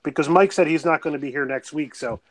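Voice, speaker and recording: Talkative guy player, kinda high voice, dry close mic. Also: quick pace, no room sound, rough recording. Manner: talkative, reasonable, keeps the group moving. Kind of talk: casual chat at a game table.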